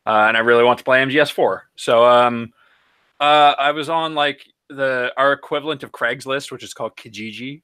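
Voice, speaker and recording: Bright-voiced man on a podcast. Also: medium pitch, normal speed, clean tone. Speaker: podcast co-host. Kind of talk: casual podcast chat.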